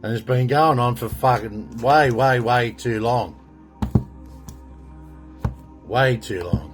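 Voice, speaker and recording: A man's voice: mid-range voice, takes it slowly, faint music behind. A middle-aged Australian man ranting indignantly in a rambling monologue, with frequent swearing. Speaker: political commentator. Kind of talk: monologue to camera.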